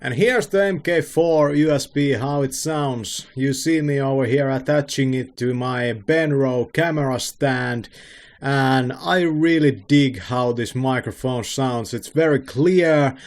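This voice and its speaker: A man casually explaining and demonstrating a microphone in a product video. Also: mid-range voice. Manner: slow, relaxed, plainly explaining.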